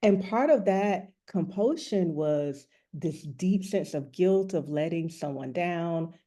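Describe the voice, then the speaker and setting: A woman speaks as a guest in an interview, telling her own story in a candid, reflective way. Her voice sits low, with a mellow, relaxed tone. She talks earnestly and plainly as a rest coach and author. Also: takes it slowly.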